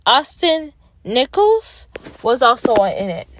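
A woman's voice: high voice, big pitch swings, slow, fairly bright tone, a little hiss or hum. A young woman with a Canadian accent giving a chatty, emphatic movie review from her parked car. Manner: chatty and emphatic, self-deprecating. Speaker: vlogger. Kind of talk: casual movie review vlog.

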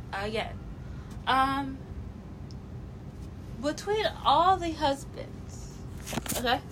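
Young woman, fairly high voice, chatty and blunt, rambles with restarts, casual vlog read over a steady background rumble. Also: unhurried, long pauses. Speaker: reality show commentator. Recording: noticeable background noise with a low rumble.

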